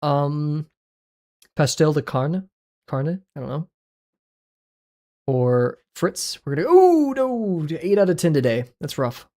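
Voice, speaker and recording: A man's voice: fairly high pitch, slow, pauses often, a little mellow. A man chatting casually on a livestream while playing web games, reacting aloud with sudden yelps and mumbled asides. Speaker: art livestreamer.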